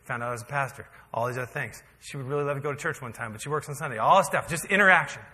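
A pastor preaches a sermon, telling a story in a conversational, humorous way that builds to emphatic peaks. His medium-pitched voice races along, pushed and bright, with hall reverb on the recording.

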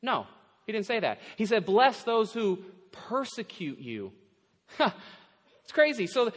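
High-voiced male pastor in a reverberant hall. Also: fairly bright tone. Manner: conversational, laughs often while preaching. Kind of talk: sermon. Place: church sanctuary.

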